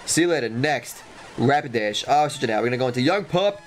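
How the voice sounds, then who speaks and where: Excitable man with a lively voice. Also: medium pitch, fast talker. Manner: excitable, jokey, exclaims and repeats himself. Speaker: let's play host. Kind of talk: gameplay commentary.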